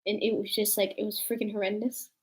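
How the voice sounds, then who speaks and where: A woman chatting casually with her sister, telling embarrassing stories in an animated way and acting out the quotes. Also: mid-range voice, fast. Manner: animated storytelling with acted quotes. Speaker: youtuber. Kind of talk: casual chat.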